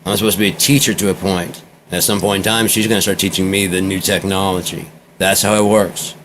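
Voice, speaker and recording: Brief: deep-voiced male vlogger, meandering journal-style talk, faint hiss behind. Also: level tone, fast talker, a bit bright. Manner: meandering, repeats himself, loose and candid. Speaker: vlogger keeping a spoken journal. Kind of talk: rambling personal monologue.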